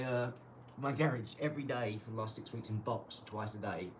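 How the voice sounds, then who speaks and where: A young man streaming live from his garage, mocking and trash-talking a viewer with sudden loud outbursts. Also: on the low side, normal speed, recorded from a distance, a little hiss or hum, rough recording. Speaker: livestreamer. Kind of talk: live stream chat while boxing.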